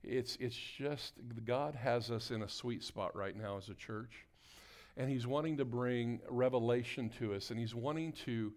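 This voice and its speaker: A man's voice: medium pitch, measured pace, darkish tone. Emphatic man preaching in church. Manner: call-and-response, rising to emphatic exhortation. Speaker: pastor. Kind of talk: sermon with prayer. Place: church sanctuary before a congregation.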